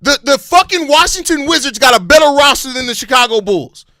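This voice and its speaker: Fired-up, high-voiced sports podcast man. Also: a little fast, no echo, clean studio sound. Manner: impassioned, heavily profane ranting; calmer, apologetic stretches between outbursts. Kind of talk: live-stream sports fan commentary.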